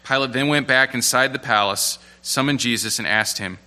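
Male scripture reader, crisp bright voice, measured delivery, echoing hall. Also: mid-range voice. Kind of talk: reading scripture aloud.

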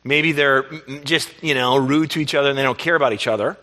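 A pastor preaching a lively sermon, asking the congregation questions and laughing along. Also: male voice, mid-range voice, fast talker.

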